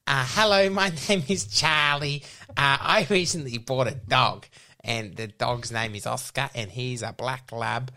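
A man playing a nervous young pitching a silly dog business, who rambles and keeps restarting. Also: unhurried, pushed and bright. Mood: rambling. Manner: rambling, restarts again and again, flustered. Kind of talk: improvised comedy sketch.

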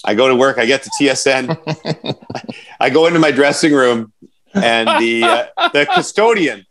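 A man's voice: medium pitch, animated, moderate pace, fairly bright tone. A man co-hosting a podcast, telling rambling, self-mocking stories in casual chat. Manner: rambling, self-deprecating storyteller. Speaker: podcast co-host.

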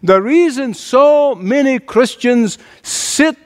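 Guy preaching a sermon, pretty high voice, goes quiet then builds up big. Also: animated, takes it slowly. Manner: preaching with dramatic swings of pitch and loudness, builds to emphatic climaxes. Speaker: pastor.

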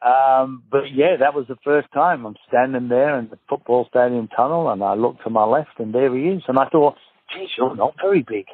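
A man's voice: medium pitch, moderate pace, few pauses, dry recording. Aussie guy in his 50s spinning footy yarns, does all the voices, sounds like a thin phone line, dead dry. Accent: Australian. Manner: lively storyteller acting out quotes. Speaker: former footballer guest. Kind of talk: casual storytelling interview.

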